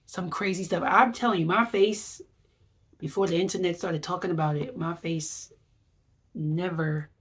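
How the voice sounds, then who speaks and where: Husky-voiced woman vlogger, chatty. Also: low voice. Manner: chatty, rambling, acts out reactions. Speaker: wellness vlogger. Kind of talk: casual vlog recap.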